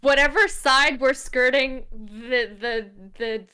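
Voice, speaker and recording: A woman player describing her character's actions in halting, self-correcting speech. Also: high-pitched, sharp tone, smooth. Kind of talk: tabletop role-play.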